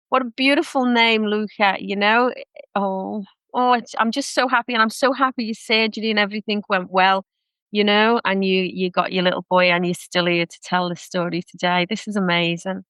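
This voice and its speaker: A woman's voice: mid-range voice, steady tone, moderate pace, a bit bright, clean tone, dry recording. A woman who hosts a podcast as a psychic medium, talking in casual chat, effusive and gushing.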